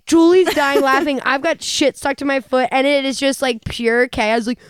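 A woman's voice: sits high, normal speed, no room sound. A young woman co-hosting a podcast, telling funny stories in casual chat, laughing and swearing freely. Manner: laughing, animated storytelling with swearing. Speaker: podcast co-host.

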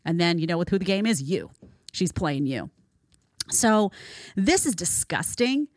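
A woman's voice: fairly low pitch, big pitch swings, measured pace, no room sound. Emphatic woman host, dry close sound. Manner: emphatic, repeats phrases for stress. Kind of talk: reaction commentary. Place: studio in Florida.

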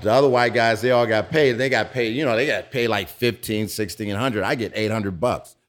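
A man in his fifties, interviewed in a pizza restaurant, telling his story haltingly and often restarting phrases. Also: lowish voice. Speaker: interview guest.

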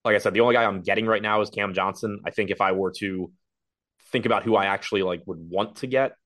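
A man's voice: lowish voice, fairly even intonation, fairly bright tone. A man co-hosting a fantasy basketball show, thinking aloud as he breaks down player ownership and projections. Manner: rapid, analytical, thinking aloud. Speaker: fantasy sports podcast co-host. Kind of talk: casual sports betting chat.

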